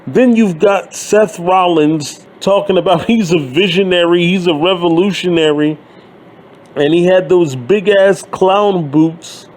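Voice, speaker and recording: A wrestling commentary YouTuber in his thirties delivers a profane, ranting monologue, blunt and sarcastic, swearing freely as he shares his opinions. His voice sits high with a darkish tone, and he speaks a little slowly.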